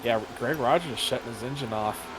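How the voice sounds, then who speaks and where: A man's voice: mid-range voice, fairly quick, music in the background. Man giving casual sim race commentary. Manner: joking, rambling banter between calls.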